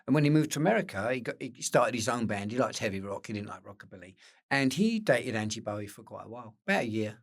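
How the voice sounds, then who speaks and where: An older man with an Essex accent, telling lively anecdotes as an interview guest and acting out the quotes. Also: fairly low pitch, fast talker. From England. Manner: animated anecdotes with acted-out quotes, occasional swearing. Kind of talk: casual storytelling interview.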